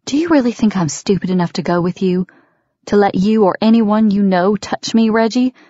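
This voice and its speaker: A woman's voice: medium pitch, moderate pace, dark tone, no room sound, pitched above the performer's own voice, close to an everyday voice. A woman reading as a frightened but defiant young woman in an audiobook, snapping back at her threatening father. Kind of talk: audiobook character voice. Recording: dry, dull lo-fi recording.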